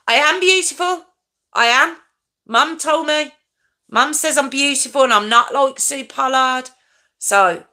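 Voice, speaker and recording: A woman's voice: medium pitch, creaky, sharp tone. A woman hosting a live stream, chatting casually with her viewers and answering their comments, laughing often.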